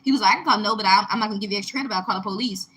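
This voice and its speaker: A young woman from Texas telling a personal story in a casual talk video, in an emphatic, animated way. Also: mid-range voice, racing, a little hiss or hum, rough recording. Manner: emphatic, animated retelling with rising indignation. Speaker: vlogger.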